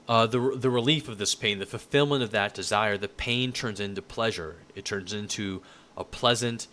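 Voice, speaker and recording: A man's voice: medium pitch, pushed and bright. A man in his thirties giving a casual, conversational lecture to a room, rambling and full of restarts.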